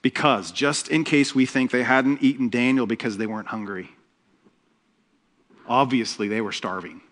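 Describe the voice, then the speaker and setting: A man preaching a sermon as pastor, telling the story with humor and lively asides. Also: medium pitch, moderate pace.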